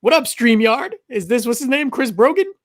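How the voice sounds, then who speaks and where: A man's voice: very high voice, big pitch swings, normal speed, no room sound, studio quality. A man hosting a casual live stream, chatting animatedly, laughing and reading out viewer comments. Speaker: host of a live stream show.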